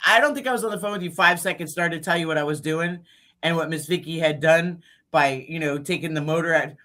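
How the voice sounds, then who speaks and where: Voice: mid-range voice, fast. A co-host teasing a guest in a casual chat. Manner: teasing, lively.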